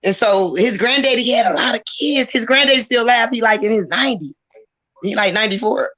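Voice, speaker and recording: A woman's voice: fairly high pitch, brisk, a bit bright, no room sound. A woman who is a poet guest, talking in a bold, preachy and emphatic way during a casual chat on a live video call.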